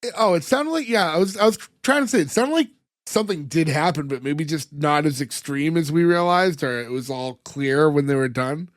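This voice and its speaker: Rambling man with a higher voice. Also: brisk, no room sound, studio quality. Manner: rambling, many filler words, retells scenes. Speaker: podcast co-host. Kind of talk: casual chat recapping an episode.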